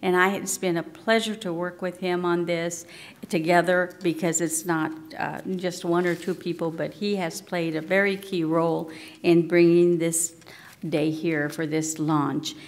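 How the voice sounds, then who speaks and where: Gravelly low-voiced woman at a podium. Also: flat delivery, unhurried. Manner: warm, chatty, with fillers. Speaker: state representative introducing a speaker. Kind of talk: public speech.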